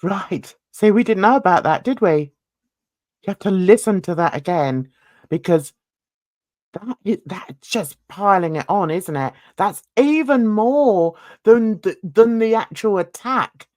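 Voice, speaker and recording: Chatty woman, very lively pitch. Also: unhurried, dry recording, studio quality. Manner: chatty, exclamatory, rambling asides. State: toothache. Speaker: crime reaction channel host. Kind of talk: casual reaction vlog chat.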